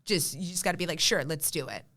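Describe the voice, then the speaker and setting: Lady telling a story, bright tone kinda low voice, does all the quotes. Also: quick pace. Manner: animated storyteller, acts out quotes. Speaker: podcast guest. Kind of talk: casual chat.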